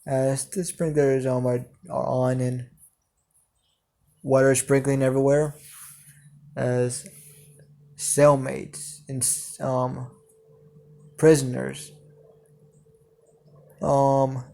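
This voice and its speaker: A man's voice: medium pitch, level tone, drawn-out words, vocal fry, pauses often, dark tone. A man narrating an improvised fan story, hesitant and full of fillers.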